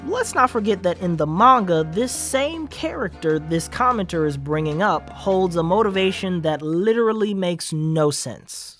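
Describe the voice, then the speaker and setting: Man ranting with sarcastic profanity. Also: high voice. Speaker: channel host, reviewer. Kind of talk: ranting commentary video.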